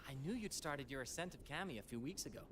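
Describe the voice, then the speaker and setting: An actor playing an eager, excitable young male climber in a video game who is a starstruck fan. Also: fairly high pitch, quick pace, slight background noise. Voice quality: bubbly and excitable.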